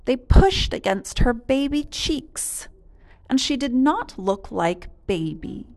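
A woman reading a children's picture book aloud in a slow, lilting storytelling way. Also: a little high, very animated, creaky, a little mellow.

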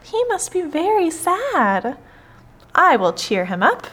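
A woman's voice: very high-pitched, slow, voice pushed up, exaggerated voice. A woman doing an eager, fretful storybook toad. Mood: worried. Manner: excited, pleading. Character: eager anxious male toad.

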